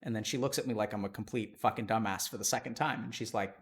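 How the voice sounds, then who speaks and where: A man, a psychiatrist and stream host, telling a story in a casual, animated way, laughing as he swings between loud and quiet. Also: on the low side, fast, hardly any pauses.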